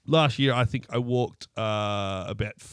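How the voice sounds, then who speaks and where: A man co-hosting a podcast, chatting in a relaxed way with small restarts. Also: lowish voice, measured pace, smooth, dry recording. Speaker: podcast co-host. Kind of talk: casual chat.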